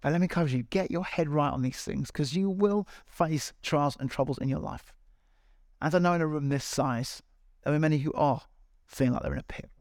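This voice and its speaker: A man's voice: fairly high pitch, fairly quick, darkish tone, no room sound, clean studio sound. A man preaching a sermon to a large congregation, earnest and encouraging, with repeated appeals. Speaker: pastor. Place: large church hall.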